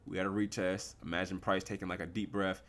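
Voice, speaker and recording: A young man giving casual live commentary on his forex trades, slangy and relaxed, asking and answering his own questions. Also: low-pitched, fast talker.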